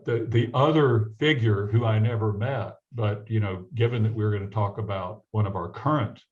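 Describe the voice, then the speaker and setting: A man's voice: fairly low pitch, normal speed, phone-quality sound. A man from the American South telling a personal story as a guest, acting out the voices of the people in it. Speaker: guest physician. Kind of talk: storytelling in a conversation.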